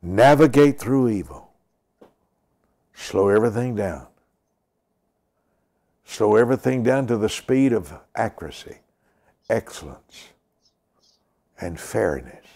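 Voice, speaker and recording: An older male preacher with a very deep, gravelly voice. He talks slowly and with emphasis, repeating lines and sometimes sinking to a whisper. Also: lively intonation, a little mellow. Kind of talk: sermon with prayer.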